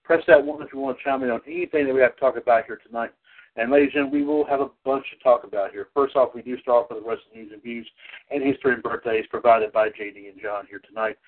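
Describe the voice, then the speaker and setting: A man's voice: mid-range voice, fast talker. Rambling man on a tinny phone line. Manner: rambling, repeats "ladies and gentlemen", frequent restarts. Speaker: podcast host. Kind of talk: wrestling call-in show hosting.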